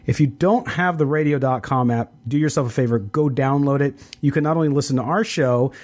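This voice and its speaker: A man's voice: mid-range voice, darkish tone. Man hosting a casual sports podcast. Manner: conversational, quick sponsor reads with fillers. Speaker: podcast host.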